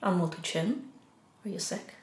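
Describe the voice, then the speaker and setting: A woman with an Irish accent teaching a beginner language lesson, saying each phrase slowly, repeating it, then giving the English. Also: lowish voice, a little mellow. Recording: echoey room.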